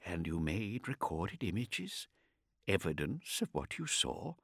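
A man voicing a courtly, slow-spoken old astropath. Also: fairly low pitch, very animated, no echo, clean studio sound, pitched above the performer's own voice, heavily acted. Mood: soft, probing. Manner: slow, soft and measured, courtly. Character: old male astropath, nervous, courtly, solemn.

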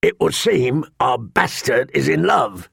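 A man voicing a cruel, mocking master-at-arms with a sharp, cold voice in an audiobook. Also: mid-range voice, very animated, slow pace, creaky, breathy edge, no room sound, clean studio sound, heavily acted.

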